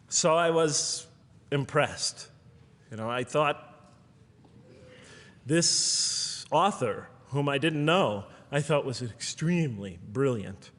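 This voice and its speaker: A man giving a reflective lecture, quoting scripture in a soft, low voice. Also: lively intonation, drawn-out words, long pauses, big-room sound. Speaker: lecturer on video. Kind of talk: recorded lecture.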